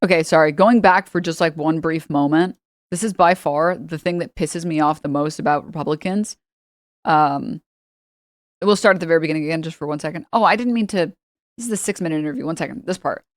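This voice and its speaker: Woman streamer, sarcastic and mocking, low voice, dry close mic. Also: a little fast, no echo. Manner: sarcastic, profane, mocking impressions. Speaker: commentary streamer. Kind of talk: reaction commentary.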